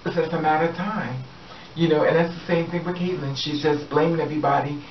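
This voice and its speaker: A man's voice: fairly high pitch, fast talker, a little hiss or hum. Sassy man ranting in a roomy room. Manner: sassy, animated, addresses the subject directly. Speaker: vlogger. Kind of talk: casual opinion rant to camera. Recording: roomy, muffled, slightly distant mic.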